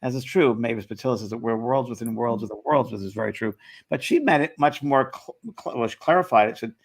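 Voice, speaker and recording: A man's voice: medium pitch, slightly rough. A man hosting a casual chat, telling a story animatedly and briefly voicing the people in it. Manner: animated storytelling, quotes others with quick voice shifts. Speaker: host.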